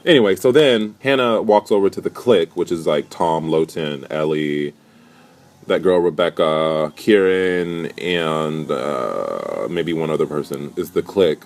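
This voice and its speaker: A young man recapping a reality show in a casual, profane, animated rant. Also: extremely low pitch, a little slow. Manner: profane, animated, indignant storytelling.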